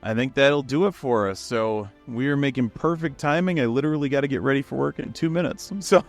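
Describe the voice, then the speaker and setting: A man's voice: medium pitch, a little fast, faint music behind. Eager man chatting on a podcast. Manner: enthusiastic, rambling, laughs often. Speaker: podcast co-host. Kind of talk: casual chat.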